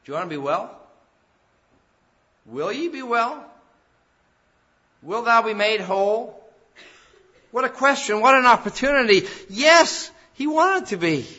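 A man's voice: extremely high pitch, big pitch swings, normal speed, bright, forceful tone. A man preaching a sermon in an earnest way that rises to emphatic peaks. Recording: dull lo-fi sound.

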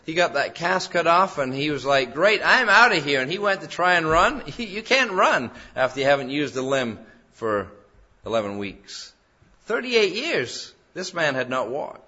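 A man's voice: on the high side, big pitch swings, normal speed, pushed and bright. A man preaching a sermon in an earnest way that rises to emphatic peaks. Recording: dull lo-fi sound.

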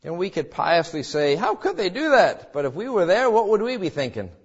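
A man preaching a sermon as pastor, swinging between calm teaching and dramatic, acted-out quoted cries. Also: high-pitched, a little fast, slightly rough, dull audio. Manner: preaching with dramatic rises, voicing quoted cries and God's words.

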